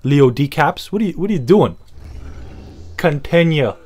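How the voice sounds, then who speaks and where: Podcast host, male, slightly higher voice, loose profane comic rambling with repeats. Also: expressive, a little fast, darkish tone, breathy edge. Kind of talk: casual comedic podcast chat.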